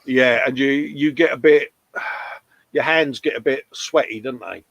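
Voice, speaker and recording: A chatty British man in his fifties with a mid-pitched voice, jokingly reading out viewer comments in a casual stream. He keeps calling people "mate", and the sound is dry and close, with no room around it. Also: a little slow, creaky, a bit bright, dry recording. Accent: British English. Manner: chatty, jokey, says "mate" a lot. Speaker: livestream co-host.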